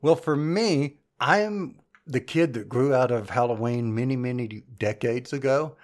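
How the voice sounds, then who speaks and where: A man hosting a podcast, chatting casually and playfully, with relaxed storytelling. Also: mid-range voice, measured pace, few pauses. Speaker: podcast host.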